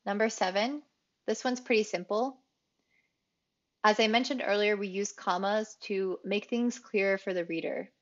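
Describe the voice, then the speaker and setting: A woman English teacher explaining grammar rules in a clear, explanatory way, repeating key phrases for emphasis. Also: medium pitch, fairly even intonation, moderate pace, highs cut off. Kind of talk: grammar lesson.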